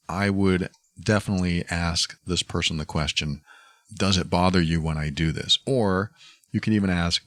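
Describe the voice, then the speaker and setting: A man hosting a podcast, giving calm, thoughtful relationship advice and acting out short example phrases. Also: low voice, no echo, studio quality. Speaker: podcast host. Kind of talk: reflective advice talk.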